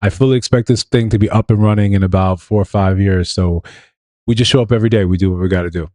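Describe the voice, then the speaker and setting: A host speaks quickly in a lowish, steady, warm voice, giving laid-back live commentary on viral clips. He chuckles, throws out rhetorical questions and reacts casually, and the studio-quality recording has no echo.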